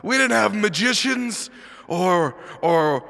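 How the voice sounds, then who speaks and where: A man's voice: high voice, animated, slow, gravelly, sharp tone, in a large hall, voice pushed up, exaggerated voice. A man voicing a grumpy old male avocado grandfather who grumbles about the old days. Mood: grumbling. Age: older. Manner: crotchety old-timer grumbling.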